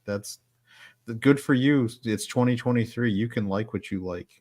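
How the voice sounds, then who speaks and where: A man's voice: mid-range voice, moderate pace, crowd noise. A man co-hosting a casual podcast panel who teases the others in a wry way. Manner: wry, teasing. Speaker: podcast co-host.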